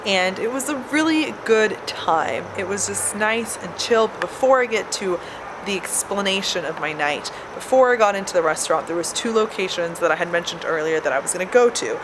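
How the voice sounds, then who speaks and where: A woman's voice: mid-range voice, expressive, fairly quick, background noise. A young adult woman talking casually to camera in a bubbly, upbeat, chatty vlog. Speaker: vlogger.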